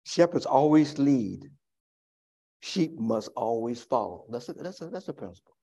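A male pastor preaching a sermon. He climbs into loud, high preaching and then falls back to quiet, reflective asides. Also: animated, a little slow.

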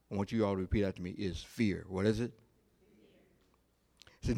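A male pastor preaching a sermon, telling a story in a slow, deliberate way with pauses. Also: lowish voice, steady tone, vocal fry, mellow.

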